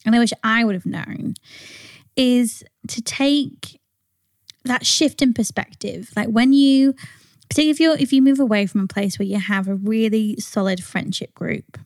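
Woman from England, podcast co-host, slightly high voice, reflective casual chat, dry sound. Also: normal speed, a little mellow, no echo. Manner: reflective, earnest, swears casually.

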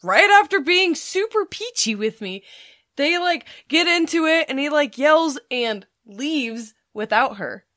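A young woman co-hosting a podcast, casually telling a story, swearing freely and acting out what people said with big jumps in pitch. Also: expressive, measured pace, bright, forceful tone, dry recording, clean studio sound. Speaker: podcast co-host.

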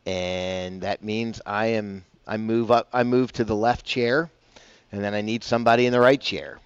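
A man's voice: on the low side, steady tone, moderate pace, smooth, no room sound, highs cut off. A man hosting a casual morning golf radio show, rambling and chatty with self-deprecating asides, on a broadcast mic. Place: broadcasting from a bar.

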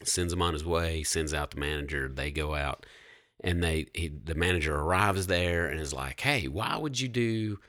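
Relaxed Bible-story host, very deep voice, dry close sound. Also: male voice, moderate pace, dry recording. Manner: relaxed storytelling, reads scripture aloud. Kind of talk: casual Bible discussion.

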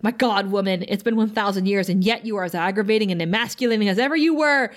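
A woman's voice: mid-range voice, fast, natural voice. A woman reading out the lines of a boastful, menacing male troll in grandiose phrasing, close to her own voice. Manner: read-out quotes in a pompous, grandiose phrasing.

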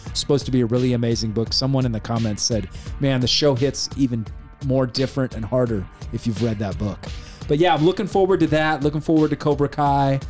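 A man's voice: mid-range voice, brisk, faint music behind. A man co-hosting a podcast, chatting casually about TV shows and actors and slipping into exaggerated impressions. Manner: animated, jumps into exaggerated impressions. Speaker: podcast co-host. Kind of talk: casual chat.

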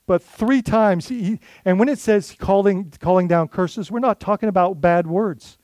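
A man's voice: sits high, unhurried, hardly any pauses, a little mellow, no room sound. A male lead pastor preaching a sermon in a conversational way, full of rhetorical questions and restarts.

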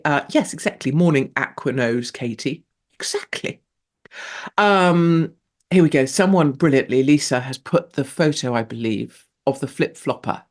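A woman hosting a show in a casual, rambling monologue. She laughs often and her pitch leaps up sharply for emphasis. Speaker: show host.

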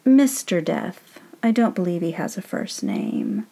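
A woman's voice: sing-song, a little slow, vocal fry, dark tone, full character voice. A woman reading aloud and voicing a calculating man with a cheeky, scornful manner. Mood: smooth. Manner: cheeky, scornful, a bit higher voice.

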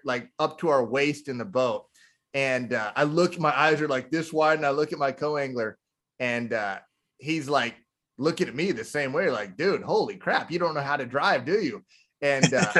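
A man hosting a casual chat, telling stories in an animated way and often saying "dude". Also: a little high. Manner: animated, says "dude" a lot. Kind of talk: casual storytelling.

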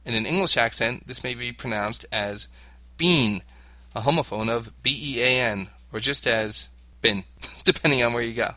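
A man's voice: mid-range voice, normal speed, pushed and bright, no echo. A man reading an article aloud in a casual chat, often breaking into giggles. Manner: giggly, reads text aloud. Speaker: co-host.

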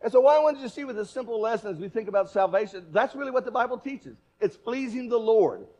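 High-voiced, animated male preacher. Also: fast, highs cut off. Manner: animated, emphatic, repetitive questions. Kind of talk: sermon. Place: church.

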